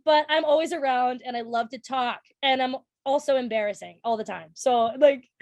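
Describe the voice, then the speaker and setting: High bubbly young woman, Minnesotan accent. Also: a little mellow, no room sound. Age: 20s. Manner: bubbly, giggly, self-deprecating. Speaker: student panelist. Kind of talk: casual video call chat.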